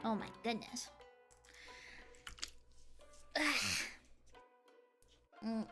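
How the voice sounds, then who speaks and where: A woman's voice: a little high, fairly even intonation, extremely slow, soft background music. A young woman from the southern United States streaming, chatting casually with giggles. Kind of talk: casual chat.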